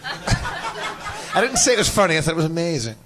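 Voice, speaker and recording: Teasing, lively-voiced man co-host. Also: high-pitched, normal speed. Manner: teasing, stammering repeats. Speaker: podcast co-host. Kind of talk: live comedy podcast banter.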